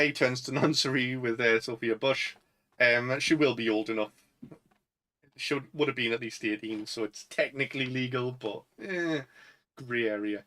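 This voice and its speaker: A Northern English man co-hosting a casual podcast chat with a bright, forceful voice at an ordinary pitch. He laughs often and breaks into put-on voices to quote films. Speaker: podcast co-host.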